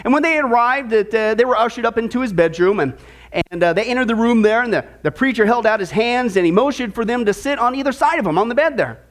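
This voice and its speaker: High-voiced preacher man addressing folks. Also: quick pace. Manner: animated, repeats words, addresses listeners as folks. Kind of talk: sermon with a joke.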